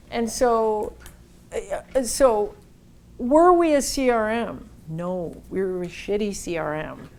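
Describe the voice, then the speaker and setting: A woman giving a marketing workshop talk, telling a lively, blunt story and acting out the dialogue. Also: medium pitch. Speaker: workshop speaker.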